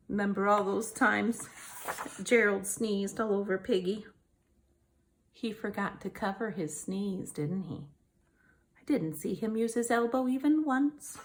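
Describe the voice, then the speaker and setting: A woman's voice: medium pitch, measured pace. Woman reading aloud with wry asides. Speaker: storybook reader. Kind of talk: children's storybook read-aloud.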